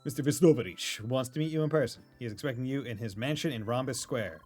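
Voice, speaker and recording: A man's voice: mid-range voice, fast, soft background music, lightly acted. A man voicing a formal, secretive man who speaks stiffly and carefully.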